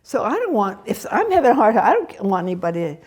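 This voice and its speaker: A woman's voice: mid-range voice, huge pitch swings, fast, darkish tone, breathy edge. An older woman Zen teacher giving a candid, laughing, conversational dharma talk and answering questions. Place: meditation hall.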